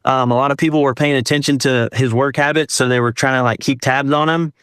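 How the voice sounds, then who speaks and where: A man's voice: mid-range voice, fast talker, clear, resonant tone, no echo, clean studio sound. A man telling a personal story as a guest, casually, acting out what people said. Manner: animated, acts out dialogue with quoted voices.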